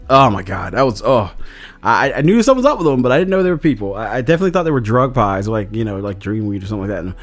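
A man's voice: on the low side, sing-song, racing, soft background music. Rambling man recapping his tabletop game. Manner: rambling, lots of fillers. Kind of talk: casual chat.

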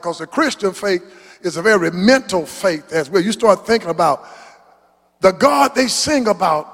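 An older man, a pastor, preaching a sermon, building to shouts and drawing out his phrases. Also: high-pitched, long reverb tail. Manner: preaching with rising shouts and long drawn-out phrases.

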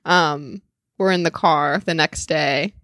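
A woman's voice: low-pitched, slow, no room sound, clean studio sound. A woman in her thirties, a podcast co-host and mother, chatting casually and acting out her child's lines as she tells stories. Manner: animated storyteller, acts out her son's lines. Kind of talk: casual chat.

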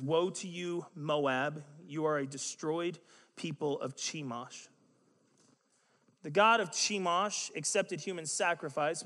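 Animated preacher in an echoing hall. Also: male voice, fairly high pitch. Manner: conversational, joking asides, animated. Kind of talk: sermon.

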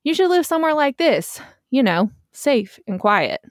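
A woman voicing a blunt hometown man with a deep voice, slow and dismissive. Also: sing-song, no echo, clean studio sound.

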